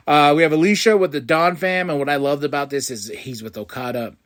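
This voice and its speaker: A man hosting a podcast, giving an excitable casual recap of a show and acting out what people said in loud bursts. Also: mid-range voice, normal speed. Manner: excitable, acts out quotes with loud outbursts. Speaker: podcast host.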